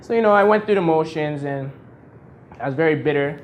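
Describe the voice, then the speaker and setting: Brief: man, 30s, slightly high voice, lively storyteller who laughs between lines, faint background hiss. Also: a little fast. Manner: animated, laughs often, acts out voices in his anecdotes. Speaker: speaker at a launch party. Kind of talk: motivational storytelling speech. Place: event venue with an audience.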